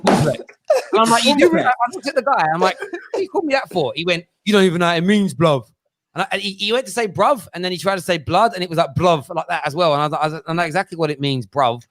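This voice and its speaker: Fast-talking man. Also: high voice, animated, a bit bright, dry recording, clean studio sound. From England. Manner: quick teasing banter. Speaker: host of a football fan show. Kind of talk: lively fan panel banter.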